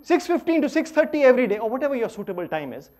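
Animated Indian man lecturing, high voice. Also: rapid-fire. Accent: Indian English. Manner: lively, playful, swings between loud emphasis and quiet asides. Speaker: workshop lecturer.

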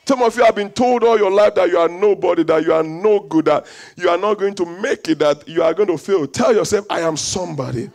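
A man preaching a fervent sermon in a church service, repeating phrases for the congregation and bursting into shouts. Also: sits high, normal speed, creaky. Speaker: pastor.

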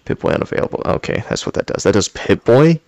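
A man's voice: on the low side, very animated, quick pace, creaky, darkish tone, dry recording. A man giving gameplay commentary while playing in VR, ranting with constant swearing and exasperation. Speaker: gamer playing in VR.

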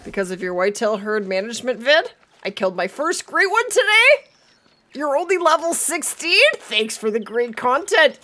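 A woman hosting a live gaming stream, chatty and excitable, laughing often as she reads out chat, while she is losing her voice. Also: on the high side, normal speed. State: losing her voice, throat not clearing. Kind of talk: live gameplay commentary.

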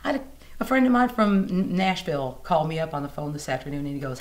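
A woman blues singer chats in a casual interview, her voice sitting a little low. She tells stories in an animated way and acts out the people she quotes. She is recorded indoors at a music museum. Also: fast talker.

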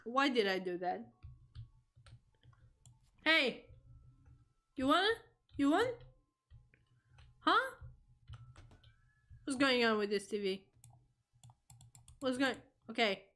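A young woman streaming a horror game, reacting out loud, swearing and talking to the game as she plays. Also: on the high side, big pitch swings, slow, long pauses. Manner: jumpy, swearing, talks to the game. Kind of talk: live gameplay reaction.

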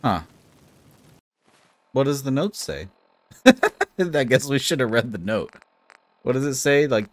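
A man's voice: medium pitch, big pitch swings, a little slow, pauses often, no room sound. A young man casually commenting on a game he plays, joking and laughing at himself. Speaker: gaming YouTuber.

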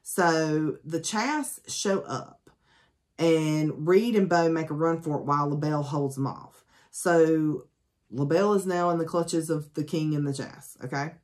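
Low-voiced chatty woman recapping a book. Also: unhurried, a little mellow. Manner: chatty, lots of ums and asides; sarcastic, joking. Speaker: book reviewer. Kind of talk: casual spoken book summary.

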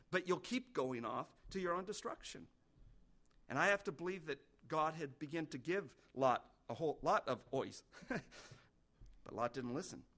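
A middle-aged male pastor preaching a sermon, earnest, with sudden rises in pitch and loudness.

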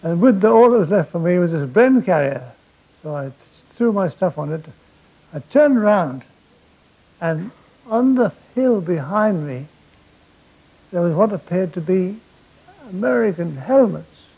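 An older man telling wartime comic anecdotes on stage, with dry deadpan timing and stammered restarts. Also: high voice, a little slow, gravelly, pauses often, husky, low-quality recording. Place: theatre stage before a laughing audience.

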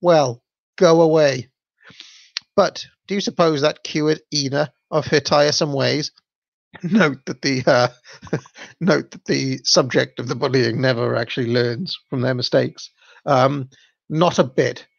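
Gravelly man reading a children's story aloud. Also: mid-range voice, no echo. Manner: halting, with fillers and laughs. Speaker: storybook reader and commentator. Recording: dull, dry lo-fi recording.

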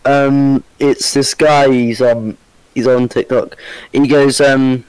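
A man's voice: medium pitch, fairly even intonation, slow, darkish tone, clear, resonant tone, no room sound, poor audio. A young man chatting as a friend on a live stream, rambling and hesitant with many ums. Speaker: co-host friend. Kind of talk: casual live-stream chat.

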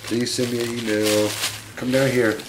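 A man's voice: medium pitch, little pitch movement, normal speed, background noise. A man hosting a casual unboxing vlog, chatty and fond, often talking to his pets. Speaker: pet monkey owner and channel host.

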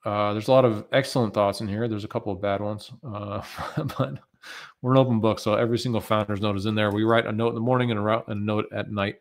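A man's voice: lowish voice, steady tone, fast. An American man presenting a live webinar, talking loosely and conversationally with many fillers as he answers viewer questions.

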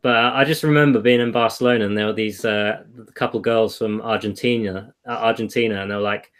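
A man's voice: lowish voice, steady tone, fairly quick, fairly bright tone. A young man with a southern English accent co-hosting a casual political chat stream, who laughs often and teases the others. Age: young adult. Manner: laughs often, playful and teasing. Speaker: podcast co-host.

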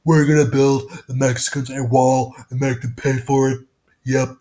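A man's voice: mid-range voice, level tone, normal speed, warm tone, lightly acted. A man impersonating a boastful male politician, brash and drawn out.

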